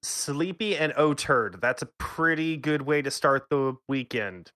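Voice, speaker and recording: A man's voice: a little high, expressive, unhurried, pushed and bright. A man hosting a gaming podcast, chatting casually and joking with his co-hosts. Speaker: podcast host. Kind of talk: casual chat.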